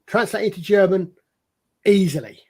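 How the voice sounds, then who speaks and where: A man's voice: high voice, moderate pace, darkish tone, breathy edge. A man co-hosting a casual chat show, explaining things at length in a rambling, storytelling way. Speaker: podcast co-host.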